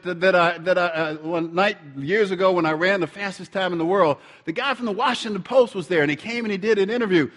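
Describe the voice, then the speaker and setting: A middle-aged man preaching, telling a lively story and acting out the dialogue. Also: high-pitched, big-room sound. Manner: animated storyteller, acts out dialogue. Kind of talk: storytelling sermon.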